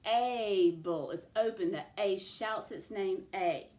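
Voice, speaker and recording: A woman teaches a phonics lesson at an unhurried pace, drawing out each sound of the words. Her voice rings through an echoey classroom. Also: mid-range voice, darkish tone. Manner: slow, stretched-out word sounding.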